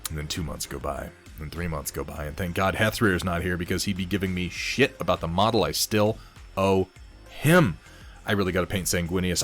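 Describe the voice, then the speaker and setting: A slightly hoarse man hosting a casual hobby livestream, reading viewer posts and chatting with mild swearing. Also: low-pitched, a bit bright. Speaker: host of a miniature painting stream.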